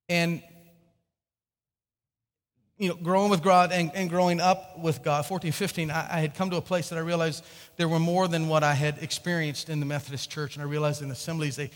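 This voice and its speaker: A man preaching a sermon, telling a personal story with lively, stammering restarts. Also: fairly high pitch, in a large hall. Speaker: pastor.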